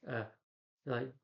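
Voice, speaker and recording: A man's voice: medium pitch, creaky, lo-fi sound. Man rambling through a movie recap. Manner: rambling, loose retelling full of "like" and "you know". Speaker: movie reviewer. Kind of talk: casual plot recap.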